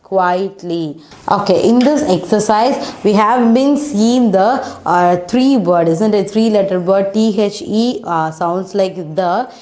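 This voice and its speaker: A woman teaching phonics to children at an unhurried pace. She sounds out each letter slowly and patiently, and keeps asking the children questions to check they follow. Her voice sits at a middle pitch. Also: mellow. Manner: frequent "isn't it?" and "okay" checks.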